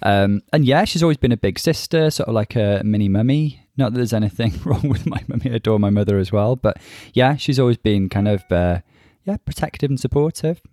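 A man's voice: fairly low pitch, lively intonation, fairly quick, hardly any pauses, mellow, no echo, studio quality. A man co-hosting a casual chat show, chatty and asking his partner questions. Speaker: podcast co-host.

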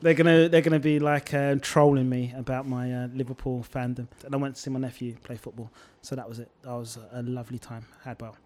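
A man's voice: medium pitch, steady tone, brisk, few pauses, darkish tone, slight background noise. A man hosting a casual podcast chat, chatty, playful, often laughing. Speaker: podcast host.

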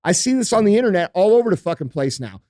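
Brief: middle-aged male podcast host, high voice, blunt swearing rants, dry close sound. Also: big pitch swings, fast, warm tone, dry recording. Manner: profane, blunt, emphatic ranting. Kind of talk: casual podcast chat.

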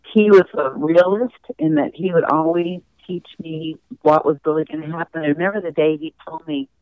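A woman's voice: low voice, no room sound. A woman guest telling stories in a chatty, conversational way during an interview, laughing easily. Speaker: interview guest, former golf champion. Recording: tinny phone line.

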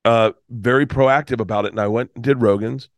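A middle-aged comedian telling a rambling, emotional story in casual talk, swearing and restarting often. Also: male voice, mid-range voice, fairly even intonation, brisk, dry recording, clean studio sound. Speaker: comedian guest.

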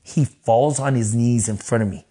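A man telling stories as an interview guest, animated and profane, acting out the voices of the people he quotes. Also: mid-range voice, moderate pace. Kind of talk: casual storytelling in an interview.

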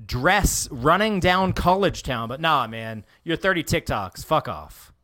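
A man's voice: on the high side, lively intonation, unhurried, sharp tone, no echo. A man co-hosting a podcast, teasing and sarcastic, swearing in casual chat. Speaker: podcast co-host.

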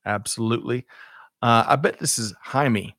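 A man's voice: mid-range voice, moderate pace, a bit bright, no room sound, clean studio sound. A man co-hosting a livestreamed show in casual chat, upbeat and chatty, with frequent laughs and fillers. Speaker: co-host of a livestreamed supply chain show.

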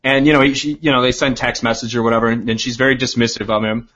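A man's voice: mid-range voice, flat delivery, quick pace, fairly bright tone, muffled recording. A man co-hosting a casual comedic podcast, animatedly retelling and acting out movie scenes. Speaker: podcast co-host.

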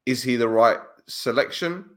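A man co-hosting a casual football podcast, speaking in a relaxed, blunt and opinionated way about insider club news. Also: mid-range voice, moderate pace. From Cyprus. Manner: laid-back, blunt, opinionated.

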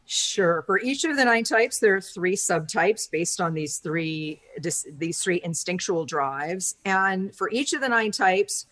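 A woman's voice: on the low side, animated, unhurried, few pauses, a bit bright. A woman speaking as an interview guest, explaining thoughtfully in a chatty way, with many fillers and an easy laugh. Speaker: interview guest, personality-type teacher. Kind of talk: conversational interview.

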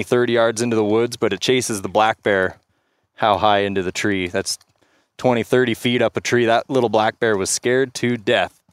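A man guesting on a podcast, telling a story in a vivid, measured way. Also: lowish voice, no echo. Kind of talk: casual storytelling chat.

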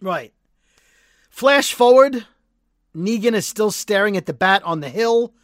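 A man co-hosting a podcast, retelling a TV episode as an animated storyteller who acts out the quotes. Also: sits high, measured pace, no room sound, studio quality. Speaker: podcast co-host. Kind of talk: casual recap chat.

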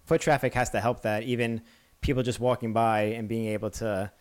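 Fast-talking male podcast co-host. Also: medium pitch, steady tone. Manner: quick, chatty, reads out the chat. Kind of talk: casual chat.

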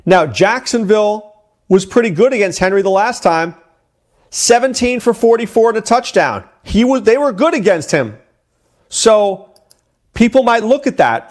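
Breaking down his fantasy football selections, this middle-aged analyst talks in a slightly high voice, lively, tossing in fast asides and repeating words.

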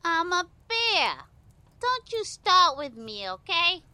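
A woman voicing a gruff, blustery male teddy bear who talks tough in a tabletop game. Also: very high voice, big pitch swings, slow, bright, forceful tone, no echo, pitched above the performer's own voice, exaggerated voice. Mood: scrappy. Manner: brash, blustery.

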